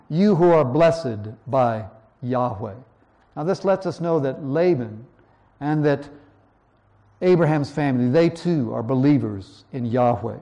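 A man preaching verse by verse, reading scripture slowly and then explaining it in a conversational way. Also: a little high, warm tone. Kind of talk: verse-by-verse Bible teaching.

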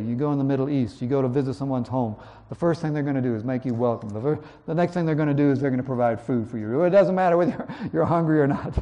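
A man preaching verse by verse, reading scripture slowly and then explaining it in a conversational way. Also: mid-range voice, mellow. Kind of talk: verse-by-verse Bible teaching.

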